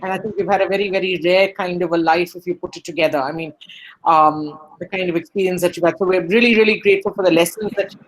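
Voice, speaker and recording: A woman's voice: on the low side, steady tone, fast, poor audio. Earnest woman giving thanks. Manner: gracious, earnest. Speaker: campus representative. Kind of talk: vote of thanks.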